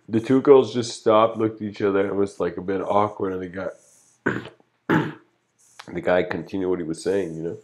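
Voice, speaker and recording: Deep-voiced man giving a rambling lecture. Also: moderate pace, long pauses, darkish tone. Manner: rambling, full of "you know" fillers; reflective, philosophical musing. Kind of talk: casual livestreamed lecture.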